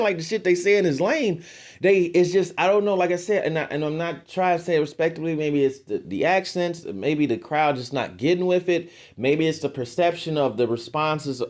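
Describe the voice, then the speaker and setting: Heated, profane man ranting. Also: fairly high pitch. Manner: profane, heated and exasperated, voice jumping up in frustration. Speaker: wrestling podcast co-host. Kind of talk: casual ranting commentary.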